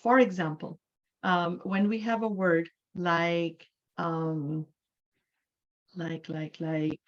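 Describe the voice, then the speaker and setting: A woman's voice: lowish voice, little pitch movement, slow, dull audio. A middle-aged Canadian woman teaching an English class, explaining patiently step by step with repeated examples. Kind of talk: online class lecture.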